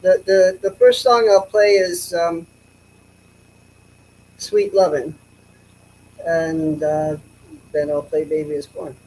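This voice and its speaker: A male musician speaking as a guest in a casual interview, halting and restarting his words often. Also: on the high side, steady tone, a little mellow, low-quality recording.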